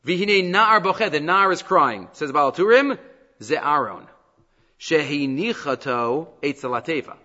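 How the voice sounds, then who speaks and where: In a large hall, a man with a slightly high voice teaches an unhurried class on the weekly Torah portion. He animatedly reads Hebrew verses aloud and then explains them in English, and the recording is muffled.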